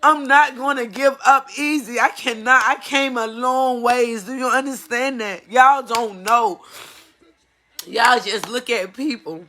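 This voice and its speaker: Forceful woman pleading earnestly. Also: fairly high pitch, measured pace, slight background noise. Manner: earnest, pleading, repeats phrases for emphasis. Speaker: mother giving a personal testimony. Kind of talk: emotional personal testimony to camera.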